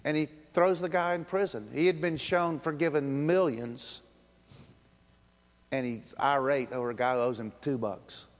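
A man's voice: medium pitch, fairly even intonation, normal speed. Conversational man preaching in a reverberant hall. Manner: conversational, acts out quoted voices, chuckles. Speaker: pastor. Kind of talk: sermon.

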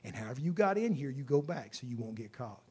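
Guy doing a calm kind old president, quiet and gentle, low-ish voice. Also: fast talker, breathy edge. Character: calm, kindly older male president.

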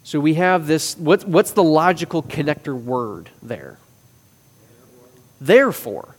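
A man teaching a discipleship class, explaining a text and stressing key phrases with slow, emphatic repetition. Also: on the high side, big pitch swings. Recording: reverberant hall.

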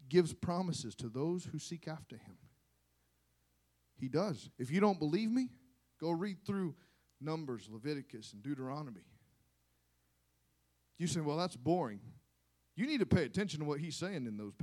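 A man with a mid-range voice preaches a sermon to a congregation. He moves from quiet asides to impassioned shouting and calls on his listeners to respond.

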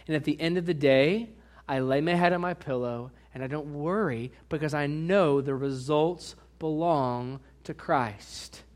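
A male pastor preaching a sermon, asking the congregation questions and swinging between quiet asides and loud, drawn-out emphasis. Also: a little high.

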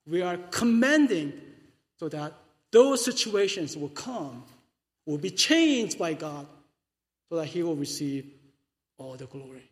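A male pastor preaching a sermon, moving between quiet reflection and loud, fervent declarations. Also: a little high, expressive, a little slow, pauses often. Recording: long reverb of a large hall.

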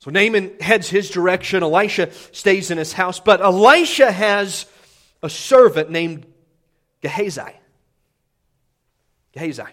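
A man's voice: high voice, expressive, unhurried, long pauses, fairly bright tone. A man preaching a sermon, retelling a scripture story conversationally, with frequent restarts and acted-out dialogue. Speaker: pastor. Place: church sanctuary.

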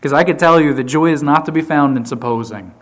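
A man preaching a sermon to his church, emphatic, often repeating key phrases and swinging from loud to quiet. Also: fairly high pitch, fast talker. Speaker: pastor.

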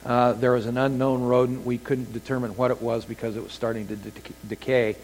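A man's voice: medium pitch, a little fast, slight background noise. Male pastor preaching in a reverberant hall. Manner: animated storytelling, acts out quoted voices. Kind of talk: sermon.

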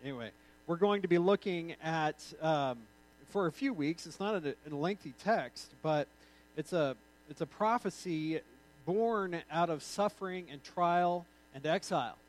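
A man's voice: a little high, unhurried, low-quality recording. A male pastor giving an informal, conversational sermon with joking asides.

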